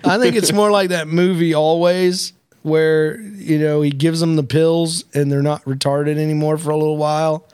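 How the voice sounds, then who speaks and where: Podcast host guy, slightly high voice, jokey rambly chat, dry close mic. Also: steady tone, normal speed, few pauses, darkish tone, clear, resonant tone, no echo. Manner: chatty and jokey, with many restarts and asides.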